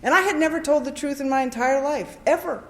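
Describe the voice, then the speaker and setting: A woman speaking at a recovery convention, sharing her story with an animated, comic storytelling style and frequent "right?" asides to the audience. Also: high voice, fast talker, reverberant. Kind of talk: personal recovery share before a live audience. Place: convention hall with a live audience.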